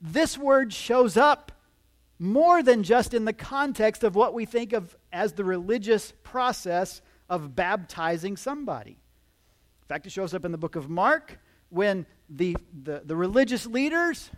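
A male pastor preaching a teaching sermon to a congregation, lively and explanatory with joking asides to the listeners. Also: high voice, a little slow. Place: church before a live congregation.

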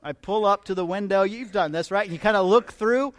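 A man's voice: high-pitched, brisk. A man preaching a conversational sermon, chatty and humorous, often asking his listeners questions. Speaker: pastor.

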